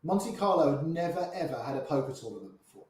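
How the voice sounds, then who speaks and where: An older, grey-haired poker player is a guest on a storytelling interview, speaking quickly in a fairly high, slightly mellow voice with big swings in pitch. He tells poker anecdotes and acts out the voices of the people in them, and the room sounds echoey.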